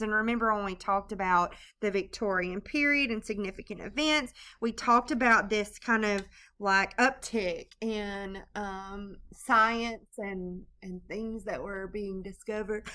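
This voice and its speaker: A woman gives a recorded literature lecture in a loose, conversational way, stopping often for ums and restarts. Her voice is bright and forward, with a clean, clear tone. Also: mid-range voice. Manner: casual, loose delivery with many ums and restarts. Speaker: literature teacher.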